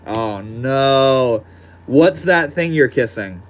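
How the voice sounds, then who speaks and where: A man's voice: mid-range voice, moderate pace. A man live streaming from his desk at home, chatting casually and reading out viewer comments in a laid-back, slangy way. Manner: laid-back and slangy, calls people bro and dude.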